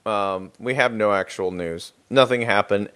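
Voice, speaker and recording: A man's voice: lowish voice, a little slow, a bit bright, clear, resonant tone. A man hosting a casual podcast chat, laughing often and breaking into goofy voices. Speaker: podcast host.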